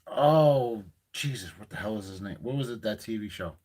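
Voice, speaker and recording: A man chatting casually on a livestream, telling stories in a gruff, joking, profane way. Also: on the low side, expressive, moderate pace, mellow.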